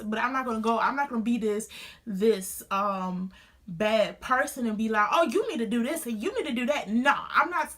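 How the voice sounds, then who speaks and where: A young woman speaks to her phone camera at home, slightly high-pitched, recounting a painful story in an earnest, emotional way. She talks casually, with many restarts. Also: a bit bright. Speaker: beauty vlogger. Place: home studio.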